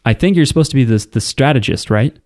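A man's voice: medium pitch, lively intonation, fast, a little mellow, dry recording, studio quality. A man co-hosting a casual podcast, recapping an anime with crude jokes and acted-out quotes. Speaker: podcast co-host.

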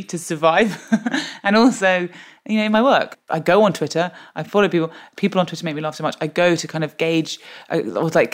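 A woman, a podcast guest telling comic anecdotes with lots of laughter. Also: sits low. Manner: animated comic storyteller, laughs often. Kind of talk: podcast interview.

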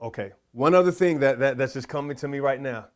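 A man's voice: medium pitch, brisk. A man preaching a sermon, fervent and prayerful, repeating his exhortations.

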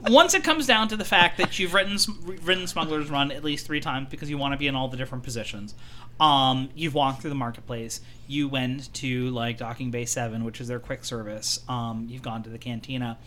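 A man's voice: medium pitch, fairly quick, bright, forceful tone, a little hiss or hum. A man co-hosting a casual podcast chat, talking with enthusiasm, laughing often and rambling with plenty of fillers. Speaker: returning podcast co-host.

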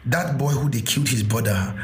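A man's voice: medium pitch, fairly quick. Male preacher, plain mid-range voice, story-driven sermon, slight noise behind. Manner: illustrates with stories, repeats key phrases. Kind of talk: sermon teaching.

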